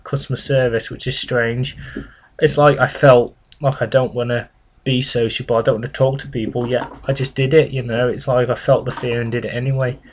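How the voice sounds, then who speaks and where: Flat-voiced young man, hesitant. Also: medium pitch. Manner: hesitant, halting, leans on "you know" and "sort of"; earnest and reflective. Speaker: vlogger. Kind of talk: personal confessional vlog.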